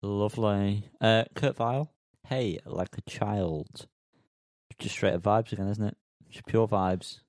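A man's voice: on the low side, steady tone, a little slow, darkish tone, no room sound, studio quality. A man hosting a music podcast, teasing his co-hosts in casual chat. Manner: joking, teasing, wraps up the show. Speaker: podcast host.

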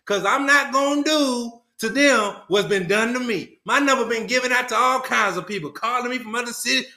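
High, bright-voiced man telling a story. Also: fairly quick, few pauses. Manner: earnest, colloquial and emphatic. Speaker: guest. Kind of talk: storytelling in a podcast conversation. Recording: roomy echo.

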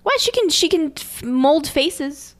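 A woman's voice: sits high, very animated, measured pace. A woman co-hosting a casual podcast, talking hesitantly, trailing off and giggling. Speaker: podcast co-host. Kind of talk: casual chat.

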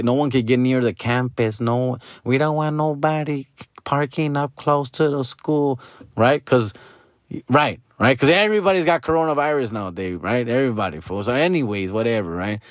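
A man's voice: mid-range voice, no room sound, clean studio sound. A young man rants in a profane, exasperated stand-up style. He is full of slang and constant swearing. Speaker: comedian. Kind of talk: profane Spanglish stand-up rant.

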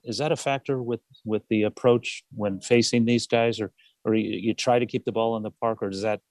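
Male beat reporter, low voice, rambling with restarts. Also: fairly even intonation, a little fast, darkish tone, no room sound. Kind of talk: press conference questions.

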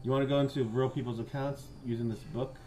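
A man's voice: mid-range voice, steady tone, fast talker, dark tone. A man co-hosting a podcast, joking crudely and reading stories aloud. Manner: crude, joking, laughs a lot. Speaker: podcast co-host.

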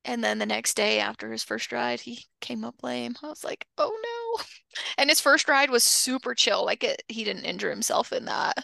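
A woman's voice: fairly high pitch, normal speed, creaky, few pauses, no echo. A woman hosting a podcast and chatting easily about her work training young horses. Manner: relaxed, easygoing. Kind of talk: casual podcast chat.

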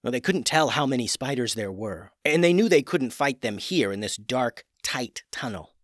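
A man reading a children's adventure story aloud, with a very animated, swooping delivery that builds tension. His voice sits in an ordinary middle register and the recording is close and dry with no room sound. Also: mid-range voice, moderate pace, no room sound. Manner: expressive, dramatic storytelling.

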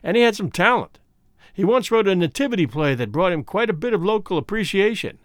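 An unruffled, ironic husband, read by a male narrator, speaking with measured, courteous calm. The voice sits a touch high with lively intonation, recorded close and dry. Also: no room sound. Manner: calm, measured, dryly polite. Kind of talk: audiobook reading.

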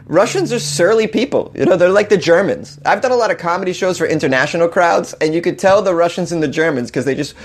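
Podcast host, male, slightly high voice, loose rambling delivery, laughs a lot. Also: expressive, quick pace, hardly any pauses. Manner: rambling, self-amused, laughs often. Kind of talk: casual comedic news commentary. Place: hot apartment.

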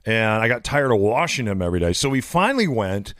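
Man in his fifties, podcast co-host, lively swooping voice, dry close sound, rambling anecdote. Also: on the low side, fast, dry recording. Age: 50s. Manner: rambling storyteller, animated, acts out quotes. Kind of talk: casual podcast chat.

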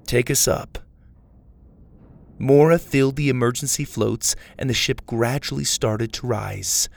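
A man narrating an adventure story in a steady, descriptive reading style. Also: medium pitch, normal speed, creaky. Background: faint music.

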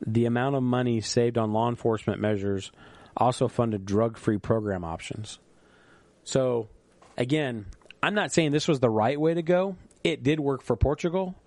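A middle-aged man hosting a solo podcast, speaking earnestly and reflectively as he tells a story. His voice sits at an ordinary pitch with a dry, close sound. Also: moderate pace, a little mellow, no echo. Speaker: podcast host. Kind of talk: casual solo podcast monologue.

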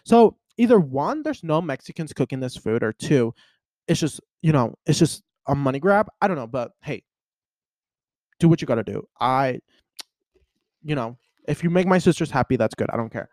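A young man vlogging in a casual chat to camera, telling stories in a chatty, animated way with lots of fillers. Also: on the high side, normal speed, no room sound, clean studio sound. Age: young adult.

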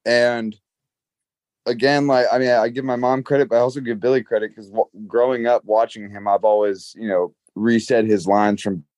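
A young man from Los Angeles, an actor answering interview questions in a modest, halting way with many fillers. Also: mid-range voice, fairly even intonation, darkish tone, no echo.

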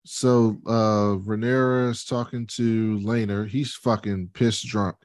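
A man's voice: lowish voice, little pitch movement, slow pace, darkish tone, no room sound, clean studio sound. A man co-hosting a podcast, casually and profanely retelling a TV scene and acting out the dialogue. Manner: laid-back, profane, acts out scenes with raised voices. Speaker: podcast co-host. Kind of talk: casual TV recap chat.

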